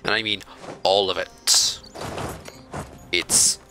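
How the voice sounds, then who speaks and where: A man's voice: low-pitched, level tone, slow, sharp tone, soft background music, rough recording. A man giving casual commentary over a strategy video game, chatting along and scolding the computer opponents in mock outrage. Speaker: video game let's-play host.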